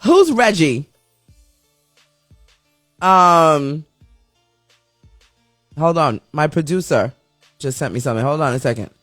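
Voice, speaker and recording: A man's voice: on the high side, animated, slow pace, long pauses, a bit bright, dry recording, soft background music. A man hosting a live radio-style show, chatting casually and rambling while reading the viewer chat aloud.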